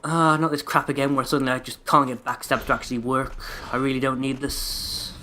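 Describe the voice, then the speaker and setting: A man's voice: mid-range voice, steady tone, a little fast, hardly any pauses, sharp tone, a little hiss or hum. A man giving sarcastic, sweary running commentary while he plays a video game. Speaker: let's play host. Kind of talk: gameplay commentary.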